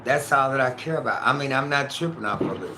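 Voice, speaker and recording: Fast and expressive, with a mid-range voice, this man hosts a loose, casual kitchen livestream. He swears freely, wanders from topic to topic and speaks right to his chat. The recording picks up room echo and background noise.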